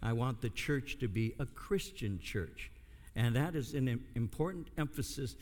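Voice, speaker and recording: An older American pastor preaches a sermon, telling a story full of comic asides. His medium-pitched voice is animated and moves at a normal speed, with long hall reverb on the recording.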